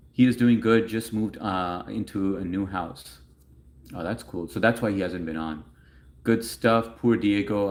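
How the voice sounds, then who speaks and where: A young man with a low voice hosts a livestream, rambling casually as he reads chat messages out loud and responds to them.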